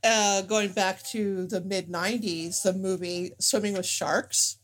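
A woman's voice: medium pitch, steady tone, measured pace. A woman co-hosting a casual film podcast, thoughtful, with frequent restarts. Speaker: podcast co-host.

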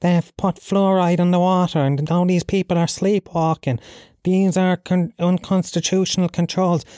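A man putting on a Cork accent to voice a ranting male conspiracy theorist who keeps shouting the same demand. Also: high voice, little pitch movement, normal speed, clear, resonant tone, dry recording, studio quality, pitched above the performer's own voice, natural voice. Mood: indignant shouting. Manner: shouting, indignant, repetitive.

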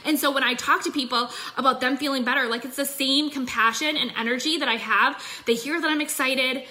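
A woman's voice: high-pitched, steady tone, fairly quick, bright, forceful tone. A young adult woman giving a chatty, upbeat sales coaching talk into her phone, full of fillers. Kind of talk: casual livestream coaching talk.

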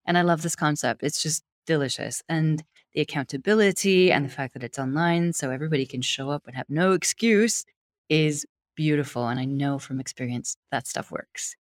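Speaking at normal speed in a low voice, a woman from Wyoming, USA hosts a podcast. She gives her guest an enthusiastic, gushing introduction and chats with them in interview style.

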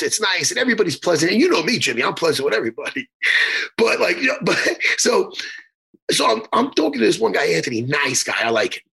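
Raspy, animated man telling a rambling story. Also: a little high. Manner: rambling, profane, stammering restarts; animated, laughing bursts. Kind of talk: casual comedic storytelling chat.

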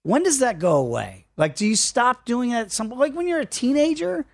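A man's voice: very high-pitched, sing-song, brisk, gravelly, dry recording. A man hosting a sports betting radio show, chatting casually in a rambling, jokey way and doing live ad reads.

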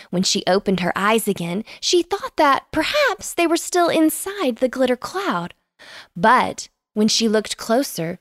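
Slow, lively woman reading a bedtime story. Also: fairly high pitch, no echo, studio quality. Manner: animated, expressive storytelling. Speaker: narrator.

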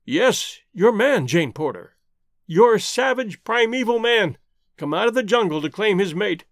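Man doing a proud jungle hero in an audiobook, firm and direct, lively pitch. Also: measured pace, no room sound, clean studio sound. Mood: intense. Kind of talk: audiobook character voice.

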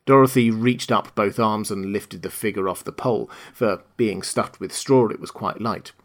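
Calm male storybook narrator. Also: on the low side, normal speed.

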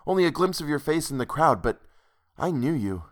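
A man's voice: a little high, sing-song, brisk, voice pushed up. A man reading the part of a weary, haunted man who speaks eagerly and pleadingly to a woman in a ghost story. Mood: earnest.

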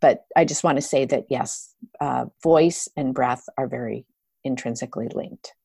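Low, gravelly-voiced woman explaining. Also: moderate pace, darkish tone, no room sound. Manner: explanatory, with frequent restarts and fillers. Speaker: yoga therapist guest. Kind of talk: conversational interview.

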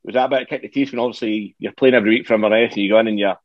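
A man interviewing a footballer, asking long matey questions fast. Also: on the low side, fairly even intonation, dry recording. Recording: dull lo-fi line.

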